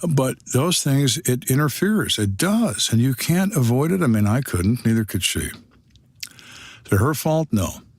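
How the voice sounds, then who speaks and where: A man's voice: medium pitch, big pitch swings, a little slow, breathy edge, no echo. A man in his sixties, a retired detective, telling stories on a podcast in a blunt, dry, wry way. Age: 60s. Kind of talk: storytelling on a podcast.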